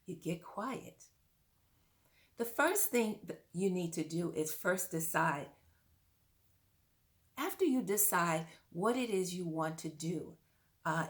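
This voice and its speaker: A woman parent coach giving earnest, direct-to-camera advice, often putting questions to the listener. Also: medium pitch.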